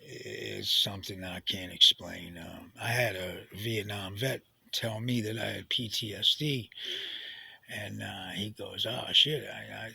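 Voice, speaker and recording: A middle-aged man telling a confessional personal story, halting and full of restarts, sometimes sinking to a hushed near-whisper. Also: on the low side, fairly even intonation, gravelly, breathy edge, no room sound, poor audio. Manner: sinks to a hushed near-whisper at heavy moments. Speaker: storyteller recounting his own experience.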